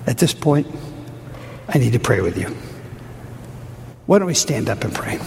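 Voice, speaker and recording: A man preaching a sermon as pastor, earnest and pleading, moving between urgent raised questions and hushed, quiet prayer. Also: medium pitch, sing-song, moderate pace, gravelly. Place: church sanctuary. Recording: long hall reverb, faint room noise.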